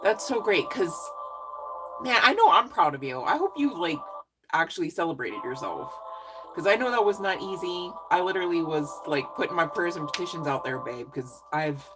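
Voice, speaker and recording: A woman's voice: fairly low pitch, very animated, normal speed, over music, rough recording. A woman giving a casual live psychic reading, effusive and encouraging, chatty with lots of fillers. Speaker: psychic reader.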